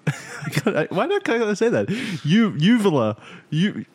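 A man's voice: high-pitched, wildly swooping pitch, normal speed. A man co-hosting a podcast, casually reading chat logs aloud and often breaking into laughter. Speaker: podcast co-host.

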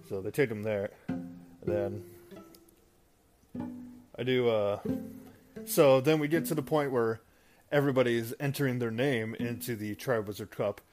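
A man's voice: medium pitch, measured pace, pauses often. A man casually retelling a movie plot as a show host, rambling with fillers and restarts. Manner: rambling, many fillers and restarts, laughs at own stumbles. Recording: guitar music in background.

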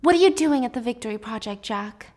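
A woman's voice: on the high side, expressive, fast, a little mellow, natural voice. A woman doing a frantic young wife. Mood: distraught pleading. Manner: pleading, distraught. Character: frightened young wife insisting on the truth.

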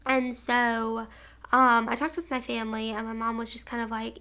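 A woman's voice: on the high side, flat delivery, moderate pace, sharp tone. A woman in her twenties telling a personal story in a casual, rambling way, full of "like" and restarts. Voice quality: vocal fry. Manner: rambling, filler-heavy with frequent "like".

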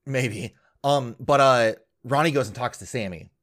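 A man's voice: medium pitch, a little slow, a bit bright. A man co-hosting a podcast, recapping a reality show in rambling casual chat full of fillers and laughs. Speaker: podcast co-host.

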